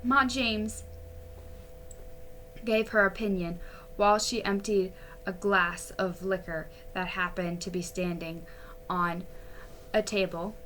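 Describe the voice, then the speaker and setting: A woman narrating a classic ghost story aloud in an unhurried storytelling manner, with a few slips and restarts. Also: medium pitch, steady tone, a bit bright, a little hiss or hum. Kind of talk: reading a classic novel aloud.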